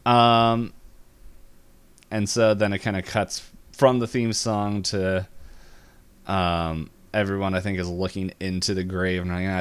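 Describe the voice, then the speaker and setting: A man's voice: low-pitched, clear, resonant tone. A young man co-hosting a podcast, recapping a cartoon episode casually and rambling with lots of "um" and "like". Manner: rambling, full of fillers like "um" and "like". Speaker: podcast co-host.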